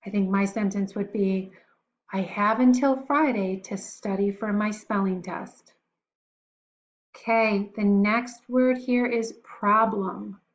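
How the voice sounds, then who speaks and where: Patient and encouraging, a woman teacher guides young children through their spelling words, sounding each out letter by letter at an unhurried pace. Her voice is mid-range with fairly even intonation, and the recording sounds dull and lo-fi.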